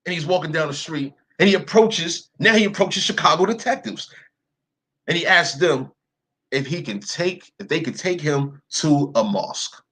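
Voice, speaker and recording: A man's voice: a little high, fairly bright tone, rough recording. A young man telling a story in a casual, profane rant, leaning on "yo" and "right?" for emphasis. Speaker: commentator. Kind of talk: casual ranting monologue.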